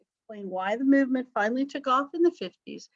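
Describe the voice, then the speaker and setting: A woman's voice: high-pitched, animated, fairly quick, muffled recording. A woman instructor giving a chatty, self-deprecating recorded online lecture with frequent ums. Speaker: college history instructor.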